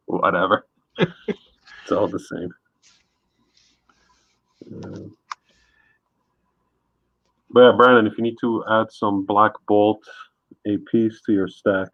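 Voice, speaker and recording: Laid back guy hosting a stream, lowish voice, muffled lo-fi sound. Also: steady tone, takes it slowly, pauses often, no echo. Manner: easygoing, reads chat comments aloud. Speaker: stream host. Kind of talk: casual chat on a live stream.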